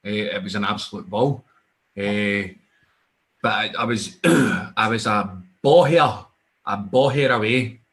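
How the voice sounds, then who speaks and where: A young Scottish man tells stories in relaxed, profane chat. He gets animated and slips into other people's voices as he recounts what they said. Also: on the low side, slow pace, vocal fry. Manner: animated, swearing, acts out other voices in his anecdotes. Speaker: guest wrestler. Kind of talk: casual storytelling chat.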